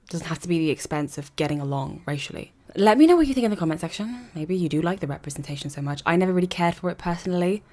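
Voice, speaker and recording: Earnest young woman with a lowish voice. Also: expressive, racing, few pauses, dark tone. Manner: earnest, conversational, with rhetorical questions. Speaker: vlogger. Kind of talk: opinion commentary monologue.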